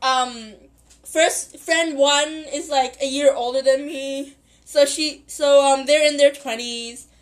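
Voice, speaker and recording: A woman in her twenties hosts a podcast. Her high-pitched voice carries a story that wanders and circles back on itself. She giggles often and corrects herself mid-sentence. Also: fairly even intonation, slow pace. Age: 20s. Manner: giggly, rambling, self-correcting. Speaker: podcast host. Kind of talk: casual rambling storytelling.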